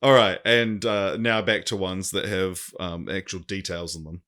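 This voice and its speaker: A man co-hosting a casual podcast, reading out quiz clues slowly and laughing often. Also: low-pitched, fairly even intonation, a bit bright. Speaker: podcast co-host, quizmaster.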